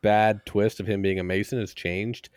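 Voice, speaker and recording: Low-voiced joking man, dry close sound. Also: level tone, moderate pace, a little mellow, clean tone, dry recording. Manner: joking, tosses in silly voices and riffs. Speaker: podcast co-host. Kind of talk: casual chat.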